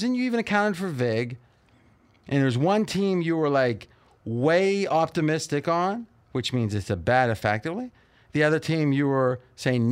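A man's voice: medium pitch, expressive. A man hosting a sports betting talk show, cracking jokes and wandering into rambling asides. His talk is loose and conversational, and he cuts in on his co-hosts. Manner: joking, interrupting, quick rambling banter.

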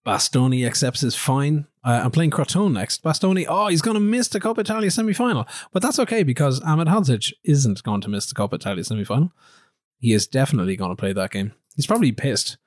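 A mid-pitched man co-hosts a remote game podcast from home, rambling and teasing his co-host. His voice sounds dry and close, with little room around it. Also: lively intonation, fast, no echo. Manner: rambling, teasing, easily laughing. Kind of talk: casual chat, teasing.

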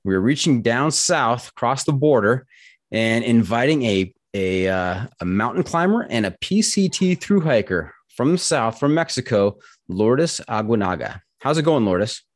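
A man's voice: medium pitch, expressive, normal speed. A man hosting a casual podcast interview, easygoing and joking dryly with his guest. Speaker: podcast host.

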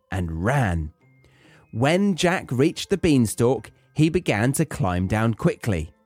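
A man's voice: on the high side, darkish tone, dry recording. A British man hosting a podcast, reading a children's story aloud with wry, joking asides. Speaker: podcast host. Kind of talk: story reading with comic commentary.

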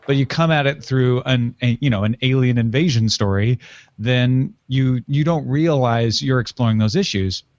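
A man's voice: medium pitch, normal speed, no echo, dull audio. A man co-hosting a podcast, talking through a novel's themes in a thoughtful, explaining way. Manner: thoughtful, explains at length with frequent fillers. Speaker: podcast co-host. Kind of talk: casual book discussion.

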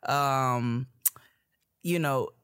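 A woman's voice: a bass voice, fairly bright tone, clean tone. A woman co-hosting a podcast, talking in a loose casual way with frequent laughter and restarts. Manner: laughs often, drawn-out casual talk with restarts. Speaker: podcast co-host. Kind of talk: casual chat.

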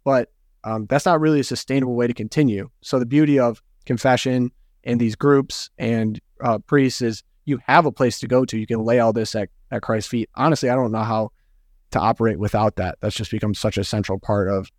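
A man's voice: medium pitch, steady tone, a little fast, no echo, clean studio sound. A young man hosting a podcast, chatting loosely and joking, with plenty of fillers. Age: young adult. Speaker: podcast host. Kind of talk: casual podcast chat.

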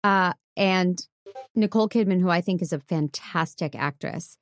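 Female co-host, low-pitched, dry wit, confident opinions. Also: moderate pace, no echo, faint music behind. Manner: wry, teasing, opinionated. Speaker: podcast co-host. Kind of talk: casual movie chat.

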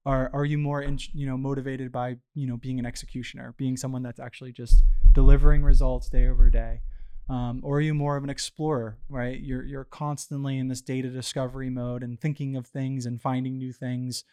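A man's voice: medium pitch, a little fast, clear, resonant tone. A man guest on a business interview show, talking casually with lots of fillers and restarts. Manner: relaxed, filler-heavy, frequent restarts and "you know". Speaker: startup founder guest. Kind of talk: casual storytelling conversation.

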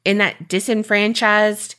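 A woman co-hosting a podcast, relaxed and agreeable in casual chat. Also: medium pitch, unhurried, clear, resonant tone. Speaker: podcast co-host.

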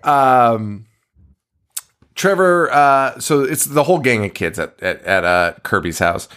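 A man's voice: medium pitch, slow pace, clear, resonant tone. A man co-hosting a podcast, casually recapping a movie, laughing often and acting out lines. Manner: animated, laughing, swearing, acts out quotes. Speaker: podcast co-host.

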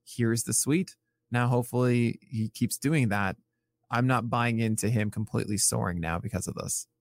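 A man co-hosting a casual podcast, rattling off pitching numbers in a loose, self-correcting way. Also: moderate pace. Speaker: podcast co-host. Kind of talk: casual podcast chat about pitching stats.

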